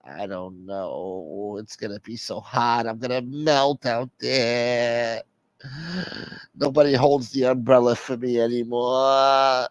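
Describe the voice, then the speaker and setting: A man voicing a clingy, overwrought man who whines in a low, tearful voice. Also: fairly even intonation, slow pace, smooth, no echo, close to an everyday voice, rough recording. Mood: whiny.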